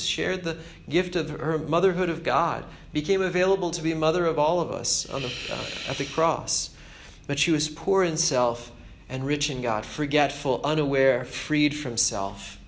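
A somewhat high-voiced man preaches in a relaxed, conversational way, earnest and ready to poke fun at himself. His voice rings in a roomy space with a faint hum of ambience behind it. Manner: earnest and informal, self-deprecating. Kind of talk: conversational spiritual talk.

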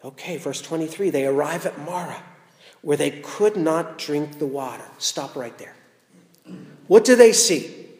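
A man's voice: on the high side, lively intonation, measured pace, darkish tone, roomy sound, long reverb tail. A man giving a sermon, retelling a story in a playful way with rhetorical questions. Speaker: preacher.

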